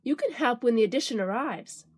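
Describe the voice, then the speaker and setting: A woman voicing a friendly, calm young mother in a storybook reading. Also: fairly high pitch, fairly quick, breathy edge.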